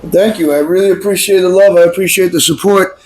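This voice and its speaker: A man hosting a comedic call-in show, boisterous and profane, repeating phrases and shouting. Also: sits high, steady tone, quick pace, rough recording. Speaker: host.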